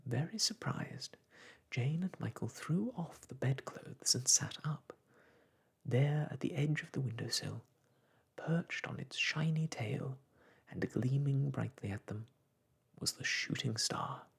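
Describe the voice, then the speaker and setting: A man reading a bedtime story aloud in a soft, hushed whisper. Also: mid-range voice, animated, slow, gravelly, husky.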